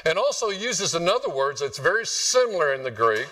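A man's voice: on the high side, big pitch swings, fairly quick, pushed and bright, recorded from a distance. A man preaching a sermon to his congregation in a conversational, joking way. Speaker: pastor. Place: church sanctuary.

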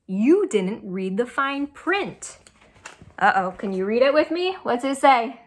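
Young woman with a fairly high voice, reads a children's picture book aloud at an easy pace and quizzes her listeners. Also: slow pace. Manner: animated, asks children questions. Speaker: children's storyteller.

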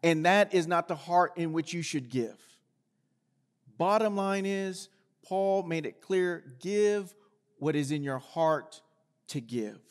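A man delivers a sermon from the pulpit in a notably high voice. He speaks earnestly to the congregation and reads scripture aloud with rising force. The sound rings with the long reverb of a large church hall. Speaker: pastor. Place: church sanctuary.

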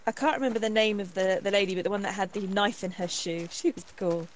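A woman's voice: mid-range voice, fairly even intonation, fast talker, slight background noise. A woman chatting and laughing with friends during a co-op game. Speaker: co-op player. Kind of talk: casual gaming chat.

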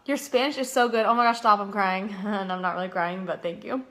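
Streaming live from her kitchen at home, this young singer and host chats easily, reads viewer comments and bursts into song at times. She speaks fairly quickly in a bright, forceful, steady mid-range voice.

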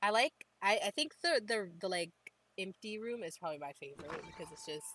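A woman's voice: mid-range voice, lively intonation, brisk, a bit bright, a little hiss or hum, low-quality recording. A young woman chatting casually as she tours a video game island, gushing and saying "like" constantly. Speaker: gaming channel host. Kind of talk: casual game tour commentary.

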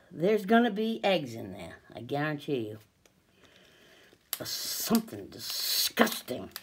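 A woman's voice: low-pitched, big pitch swings, measured pace, darkish tone, husky. An older woman filming herself in an agitated, angry rant, swearing, stammering and breaking into bitter laughs. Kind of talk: angry self-filmed rant.

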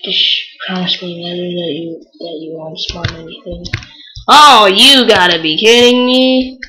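Young woman, casual let's play commentary, easily frustrated, lots of exclamations, unhurried. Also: lowish voice, slight background noise, poor audio. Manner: excitable, exclaims often, frustrated outbursts. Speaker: gamer.

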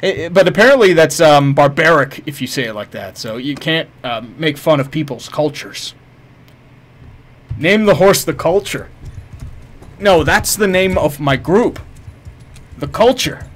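A man's voice: on the high side, animated, unhurried, long pauses. Profane joking gamer guy. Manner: profane, jokey, chats with viewers; mock-heroic taunts at game enemies. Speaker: game streamer. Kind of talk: casual live-stream commentary.

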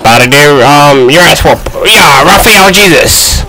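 A young man giving excited, trash-talking commentary while playing a fighting game. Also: a little high, a little slow, slight background noise, poor audio. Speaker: gaming YouTuber.

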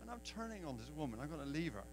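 A man's voice: a little high, big pitch swings, rapid-fire, noisy background. A man from England with an English accent giving a personal testimony at a church open mic, acting out the dialogue in his story. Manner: storyteller who acts out quoted dialogue.

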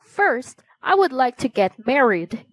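Storybook frog, clever and calm, slightly high and slow, read by a woman. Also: no echo, full character voice. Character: clever polite young male frog.

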